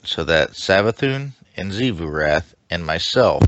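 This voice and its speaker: A man's voice: low-pitched, expressive, measured pace, fairly bright tone, no room sound. A man voicing a ruthless male alien king who lays down harsh law in a commanding, declaiming way. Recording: dull lo-fi mic with faint hiss.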